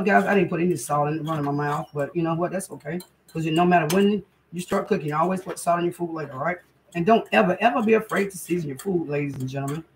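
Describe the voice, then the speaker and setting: A middle-aged woman with a drawl hosts a homey cooking vlog from her own kitchen, talking to viewers as "y'all". Her voice has a gravelly edge. A faint hum of background noise sits behind her. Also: lowish voice, low-quality recording. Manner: chatty, homey, addresses viewers as guys and y'all. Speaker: cooking channel host. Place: home kitchen.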